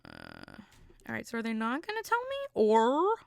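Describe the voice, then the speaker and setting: A woman's voice: on the high side, huge pitch swings, normal speed, creaky, dry recording. A woman hosting a podcast, ranting in a casual, comic, exasperated way, full of fillers and restarts. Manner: rambling, exasperated comic rant with many fillers. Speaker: podcast host. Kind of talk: casual comedic chat.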